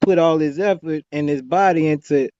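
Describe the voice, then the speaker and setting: A man's voice: on the high side, moderate pace, mellow, no room sound. A man co-hosting a casual sports debate, talking in a rambling, profane way with many restarts. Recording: dull, slightly muffled audio.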